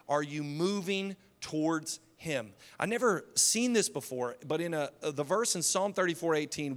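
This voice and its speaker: A man preaching a sermon as pastor, impassioned, swinging from loud declarations to hushed, slow lines. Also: fairly high pitch. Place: church hall. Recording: long hall reverb.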